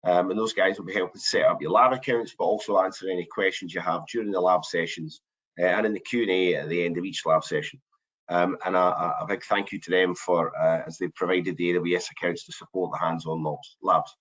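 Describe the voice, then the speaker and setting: Low-voiced man hosting a webinar. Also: fairly even intonation, fairly quick, a bit bright. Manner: hesitant, many ums and restarts. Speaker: webinar host. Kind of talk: presenting a business webinar. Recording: dull lo-fi online call audio.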